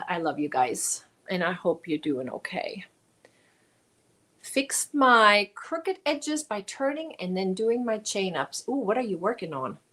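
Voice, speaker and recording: Chatting casually on her livestream, a woman reads out live comments, saying hello to viewers by name and thanking them. She has a mid-range voice with a fairly bright tone.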